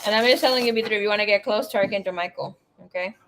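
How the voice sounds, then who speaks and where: A woman's voice: mid-range voice, rapid-fire, fairly bright tone, a little hiss or hum. A woman in her thirties, a psychic tarot reader, chatting casually and telling a story with laughs, swearing and acted-out quotes.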